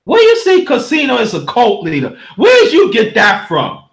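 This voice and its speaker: A man hosting a livestream in a heated, preachy rant, often shouting and speaking straight to his listeners while reading the chat. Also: extremely high pitch, wildly swooping pitch, moderate pace, creaky.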